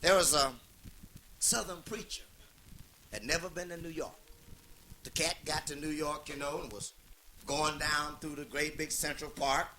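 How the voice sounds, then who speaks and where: A man's voice: high-pitched, pushed and bright, a little hiss or hum. A man telling raunchy comic stories in a profane, folksy, laid-back way. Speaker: comedian.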